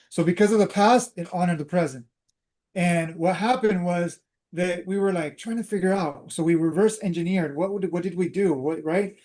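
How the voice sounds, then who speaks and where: A man's voice: high-pitched, a little mellow. A man hosting a talk, casually telling a personal story and drifting into spiritual teaching, with many fillers and restarts. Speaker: host.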